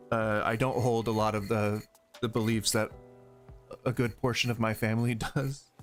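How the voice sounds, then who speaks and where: Rambling man with a light Southern twang. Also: medium pitch. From Southern United States. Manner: rambling, tangent-prone, wry. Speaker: gaming streamer. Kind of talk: casual live-stream chat. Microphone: desk microphone.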